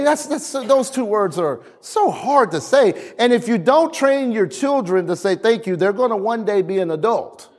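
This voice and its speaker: A man preaching as a pastor, slowing for emphasis and acting out family scenes. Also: high-pitched. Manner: lively preaching, slows for emphasis, acts out family dialogue. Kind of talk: sermon.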